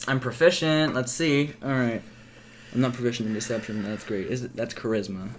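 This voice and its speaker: A man's voice: medium pitch, fairly even intonation, brisk. Man, tabletop player, offhand asides, noticeable background hiss. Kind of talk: casual tabletop game chat.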